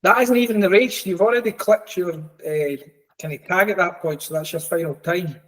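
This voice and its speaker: Excitable Scottish man, higher voice. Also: moderate pace, poor audio. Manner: excitable, repeats himself. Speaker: podcast co-host. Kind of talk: casual chat.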